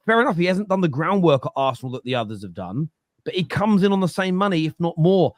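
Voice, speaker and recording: A football pundit on a fan show delivers animated opinions in a voice on the high side, very lively and quick-paced. He's emphatic and lecturing and often repeats himself, recorded dry at studio quality.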